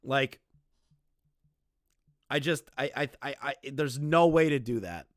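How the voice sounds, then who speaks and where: A man's voice: mid-range voice, slow pace, no echo, clean studio sound. A young man streaming live, ranting bluntly with lots of swearing and repeated phrases.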